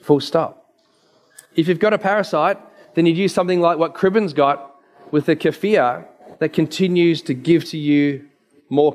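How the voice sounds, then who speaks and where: A man's voice: medium pitch, darkish tone. A man, a naturopath giving an emphatic, story-filled presentation with slides.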